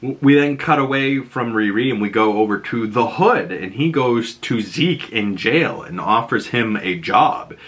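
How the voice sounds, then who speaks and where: Casual male recapper, rambling and chatty, bright tone. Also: medium pitch. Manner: rambling, fast, full of "like" and "you know". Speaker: show recapper.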